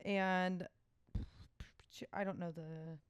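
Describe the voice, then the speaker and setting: A woman's voice: fairly low pitch, steady tone, drawn-out words, clear, resonant tone, dry recording, dull audio. A woman co-hosting a book club podcast, chatting casually and joking around. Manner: playful, joking. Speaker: podcast co-host. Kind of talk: casual chat.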